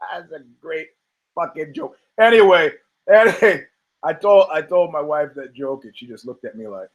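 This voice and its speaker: A male podcast host riffs loosely on fight results, wandering into side jokes and cursing freely. He mocks himself as he goes, and his voice sits a bit high for a man. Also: normal speed, low-quality recording. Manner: rambling, profane, self-mocking jokes. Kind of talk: casual comedic commentary on combat sports.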